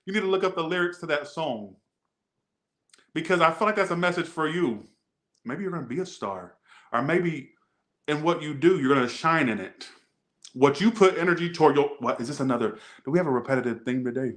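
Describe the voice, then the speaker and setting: A man's voice: a little high, expressive, a little fast, fairly bright tone. A man hosting a tarot reading video, chatting casually with rambling, joking asides. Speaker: tarot reader.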